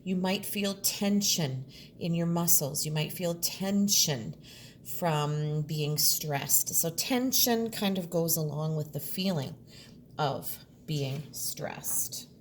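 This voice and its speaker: A woman teacher with a low, unhurried voice, carefully sounding out each word for her students. She speaks at a slow, deliberate pace. There is a faint hiss of noise behind her. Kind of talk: recorded classroom lesson.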